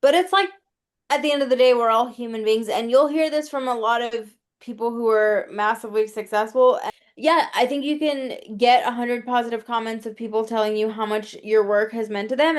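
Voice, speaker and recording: A woman guest on a podcast talking over a video call, reflective and thoughtful, with plenty of casual fillers. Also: a little high.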